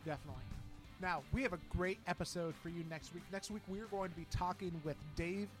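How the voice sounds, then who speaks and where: A man with a fairly high voice co-hosts a podcast, earnest and plain-spoken with many fillers. Music plays clearly behind him. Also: steady tone, fast talker. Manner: earnest, simple phrasing with fillers. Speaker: podcast co-host. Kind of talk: casual podcast chat.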